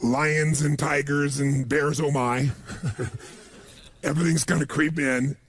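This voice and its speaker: A man giving a motivational seminar talk, telling stories to an audience in an animated way and acting out the people he quotes. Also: a little high, takes it slowly, husky, dry recording. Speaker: motivational speaker.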